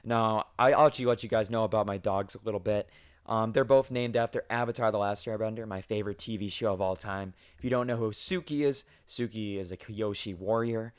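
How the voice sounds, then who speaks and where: A young man in his twenties hosts a casual podcast, telling rambling stories about his day. He swears freely and mocks himself. His voice sits fairly low. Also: fairly quick, clean tone. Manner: crude, self-mocking, swears freely. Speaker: podcast host. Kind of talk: casual storytelling chat.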